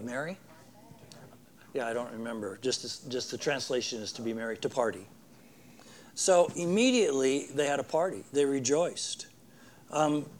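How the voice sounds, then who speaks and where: A man preaching a sermon in an earnest way, acting out the people in the story and dropping his voice soft for emphasis. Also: mid-range voice, a little hiss or hum. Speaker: pastor.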